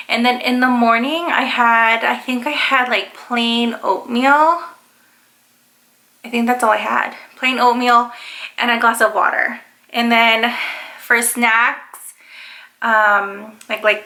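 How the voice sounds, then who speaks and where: A woman's voice: a little high, sharp tone. A young woman casually telling a rambling personal story to the camera, with frequent fillers. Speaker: vlogger.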